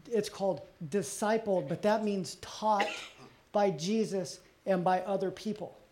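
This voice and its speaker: Earnest and confessional, a middle-aged man preaches as pastor, often letting his voice fall soft and low at personal moments in the sermon.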